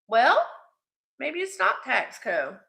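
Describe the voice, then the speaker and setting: Woman, live-stream seller, bright voice, slow unhurried talk, chatty, affectionate, echoey room. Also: high-pitched, huge pitch swings, vocal fry. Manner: chatty and affectionate, calls viewers sweetie. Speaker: live jewelry sale host. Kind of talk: live-stream selling chat.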